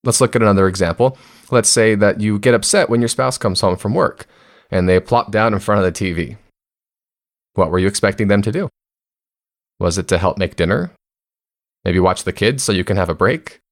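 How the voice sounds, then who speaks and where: A man's voice: fairly low pitch, fairly quick, long pauses. A man hosting a self-help podcast, speaking conversationally and often putting questions to listeners. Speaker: podcast host.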